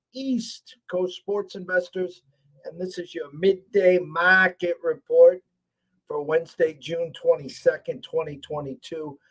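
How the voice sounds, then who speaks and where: A man hosting a sports betting podcast in a slightly higher register than most men. He talks animatedly, with loud bursts of enthusiasm, and then slides back into relaxed banter with his guest. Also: low-quality recording. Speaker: host.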